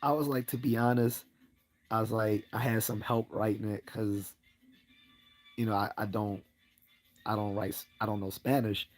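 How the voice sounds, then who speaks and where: With faint music behind him, a man on a livestream casually rambles through a story from his own life, his level voice at a moderate pace with long pauses. He laughs often and acts out people's words in a higher pitch.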